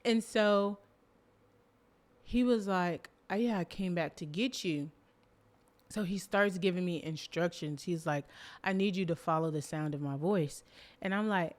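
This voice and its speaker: Animated woman telling a story. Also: fairly low pitch, a little slow. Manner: animated, laughs loudly, lots of "like" fillers. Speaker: podcast host. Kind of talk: casual storytelling.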